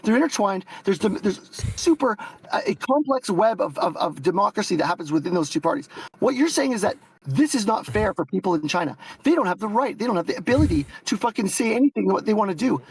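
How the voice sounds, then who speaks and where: Brief: high-pitched man, fast talker, combative profane debater who rambles and restarts. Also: very animated, slight background noise, poor audio. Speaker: debate guest. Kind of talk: heated online debate. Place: Canada.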